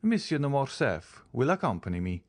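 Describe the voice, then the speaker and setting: A man voicing a composed, mysterious aristocratic count in an audiobook, speaking in a measured, courteous way. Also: medium pitch, big pitch swings, dry recording, pitched above the performer's own voice. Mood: calm. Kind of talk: audiobook character reading.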